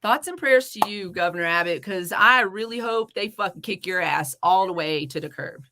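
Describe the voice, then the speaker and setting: A woman's voice: on the low side, normal speed, bright, forceful tone. A woman hosting a live-streamed talk show, talking in a heated, swearing rant before turning to her guest. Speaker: podcast host.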